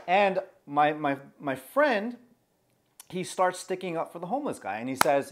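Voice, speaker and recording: A man's voice: fairly high pitch, very animated, moderate pace, background noise. A man of about forty giving advice on social anxiety through a personal story, emphatic and constantly checking in with "okay?".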